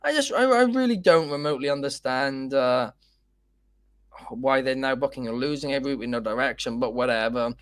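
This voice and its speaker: A man's voice: medium pitch, animated, a little fast, smooth, no echo. A man hosting a casual wrestling chat, opinionated and rambling with many fillers. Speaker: podcast host.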